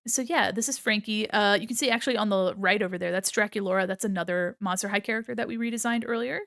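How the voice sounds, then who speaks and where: A woman's voice: medium pitch, fairly quick, gravelly, a bit bright, dry recording, clean studio sound. A young woman streaming as a VTuber, chatting casually and giggling with viewers while she draws, with a slight valley-girl lilt. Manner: says she sounds a bit like a valley girl. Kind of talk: casual live-stream chat while drawing.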